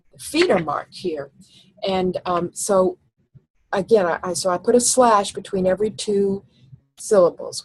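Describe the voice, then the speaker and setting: Husky-voiced woman teaching from slides. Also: lowish voice, poor audio. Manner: explains step by step, thinks aloud with fillers. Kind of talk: recorded slide lecture.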